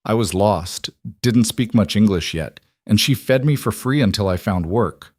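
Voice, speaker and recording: A man as a calm, assured mafia boss. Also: fairly low pitch, moderate pace, dry recording, studio quality. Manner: calm, assured, dryly amused. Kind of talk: audiobook character voice.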